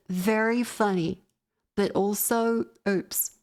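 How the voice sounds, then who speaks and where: A woman streaming live, chatting with viewers in an offhand way. Her voice sits at an ordinary middle pitch. She rambles through her story, swearing freely and laughing between sentences. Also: fairly even intonation, unhurried. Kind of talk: casual chat.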